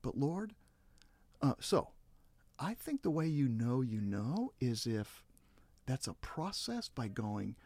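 A man speaking as a guest counselor on a podcast, giving relationship advice and acting out quoted voices with big jumps in pitch. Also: sing-song, slow pace, a little mellow, dry recording.

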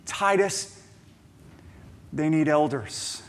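A man's voice: on the high side, expressive, very slow. Emphatic man preaching a sermon. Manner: emphatic, repeats words, rhetorical questions; conversational storytelling asides. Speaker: pastor.

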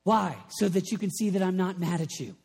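High-voiced preacher man in a big echoing hall. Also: fairly quick, vocal fry, husky. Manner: animated, playful, bursts into shouting. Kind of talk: lively sermon. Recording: long reverb of a large hall.

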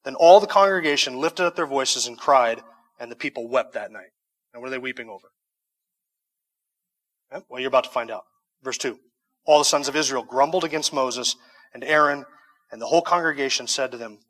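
A man's voice: fairly high pitch, expressive, fast talker, sharp tone, big-room sound. A man preaching a sermon, reading scripture verses and then explaining them in conversational asides with some humor. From United States. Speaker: pastor.

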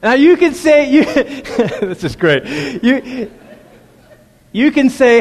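A man with a high voice preaching a sermon in a church sanctuary, earnest and conversational, turning often to ask his congregation direct questions. His voice rings out with the long reverb of a large hall. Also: lively intonation, slow. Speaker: pastor.

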